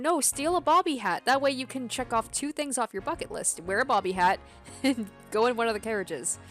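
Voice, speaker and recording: A woman doing casual game commentary, reading the dialogue aloud in a giggly, excitable way. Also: fairly high pitch, a little fast, faint music behind. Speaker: game streamer.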